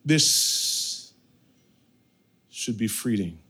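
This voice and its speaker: A man in his thirties, a pastor preaching a sermon and telling a family story with animated, sudden shifts between loud and soft. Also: on the low side, drawn-out words, husky.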